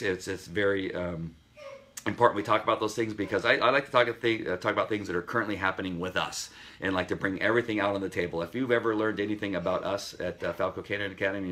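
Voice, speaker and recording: An earnest man with a lowish voice, talking as a dog trainer in a casual advice show. He presses his points firmly and circles back to repeat them. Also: a bit bright.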